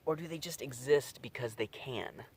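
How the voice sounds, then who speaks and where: A young man filming a fishing vlog outdoors by a creek, talking straight to his viewers with excitable energy. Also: mid-range voice, normal speed, slightly rough. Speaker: wildlife vlogger.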